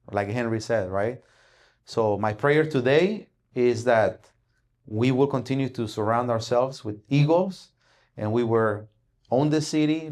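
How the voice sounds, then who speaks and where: Male speaker, mid-range voice, animated motivational storyteller who voices his characters. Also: mid-range voice. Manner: animated storytelling, acts out dialogue, frequent "right?" tag. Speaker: speaker at an investing event. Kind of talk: motivational talk with a parable.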